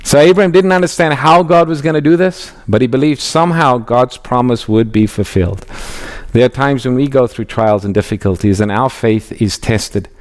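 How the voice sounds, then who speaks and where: A man giving an expository Bible teaching in a measured, emphatic way, reading scripture aloud as he goes. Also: mid-range voice.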